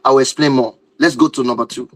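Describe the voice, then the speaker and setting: A man's voice: medium pitch, fast, no echo, rough recording. A man giving a live-stream talk on relationships and marriage, emphatic and driving his points home with repeated rhetorical questions.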